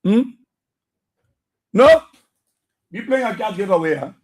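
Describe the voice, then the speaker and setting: A man's voice: sits high, expressive, slow. A man hosting a political radio talk show, impassioned and repetitive, firing rhetorical questions and laughing often.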